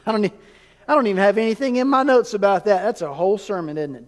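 A man's voice: high-pitched, quick pace. A man preaching a sermon as pastor, emphatic and conversational, asking his congregation rhetorical questions. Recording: long reverb of a large hall.

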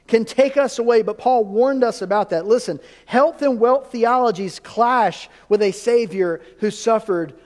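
A high-voiced male pastor preaches a sermon in a large hall with long reverb. His delivery is emphatic and conversational, full of rhetorical questions.

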